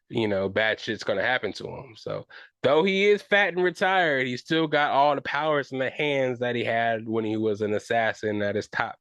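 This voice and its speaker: A man hosts his own podcast, offering casual solo commentary that's loose, profane, and rambling, often checking in with "you know what I'm saying." His voice is medium-pitched and fairly bright, with no room sound.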